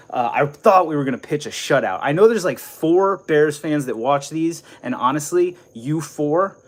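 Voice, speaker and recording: A young man from New Jersey hosting a casual live stream, rambling and chatting while he reads viewer comments and greets people. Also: mid-range voice.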